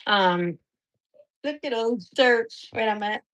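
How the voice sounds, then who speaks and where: Bright-voiced chatty woman live-streaming. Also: fairly high pitch, a little slow. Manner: chatty, rambling storyteller. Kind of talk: casual live-stream chat.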